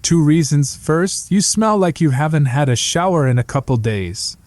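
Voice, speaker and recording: A smug wisecracking ventriloquist dummy voiced by a man talks with a slight Boston accent. He reels off his deductions with sharp-tongued confidence. The tone is mellow and warm, and the sound is dry and close. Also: a little high, expressive, normal speed, no echo, voice pushed up, natural voice.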